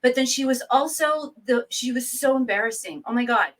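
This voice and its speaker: A woman author, a guest from New England, telling stories in a lively, chatty way. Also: high voice, recorded from a distance, rough recording. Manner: lively storyteller, quick asides. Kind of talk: casual interview chat.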